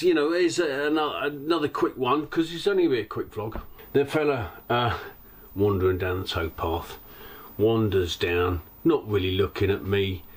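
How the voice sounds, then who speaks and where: A man's voice: medium pitch, breathy edge. A middle-aged man vlogging about life on a narrowboat, telling rambling anecdotes and acting out other people's lines. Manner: chatty, rambling, acts out quoted voices. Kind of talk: casual storytelling monologue.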